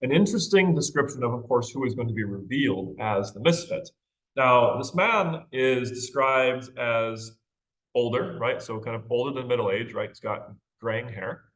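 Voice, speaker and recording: At a moderate pace and medium pitch, with a bit of brightness, a man teaches literature in a relaxed recorded lecture about a short story. He keeps checking in with rhetorical questions such as "okay?" and "right?", laughing lightly along the way.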